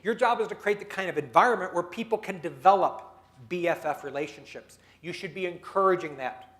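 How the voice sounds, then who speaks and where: A keynote speaker with a notably high voice for a man, telling workplace anecdotes to a dinner crowd. He acts out each person's lines with lively turns and punchlines. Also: fairly quick. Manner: animated storyteller acting out dialogue. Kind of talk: storytelling business talk. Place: dinner meeting room.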